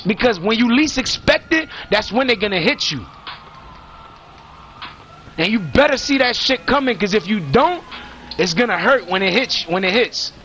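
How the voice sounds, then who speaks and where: A man's voice: sits high, expressive, normal speed, long pauses, sharp tone, slight background noise. A man delivering a blunt, profanity-heavy rant full of street slang, lecturing his listeners. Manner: blunt, heated, preachy, heavy swearing and slang. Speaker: father ranting on a vlog.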